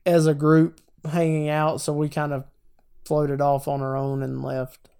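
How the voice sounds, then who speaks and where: Female podcast co-host, low and mellow, a loose storyteller who curses. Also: completely flat delivery, a little slow, clear, resonant tone. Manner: swears freely, tells stories with acted quotes. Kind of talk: casual chat.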